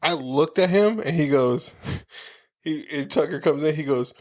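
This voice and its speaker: A man's voice: a little high, a little slow. A man co-hosting a podcast, chatting casually, laughing a lot and swearing while he tells work stories. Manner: laughs often, swears, acts out quotes. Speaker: podcast co-host. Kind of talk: casual chat.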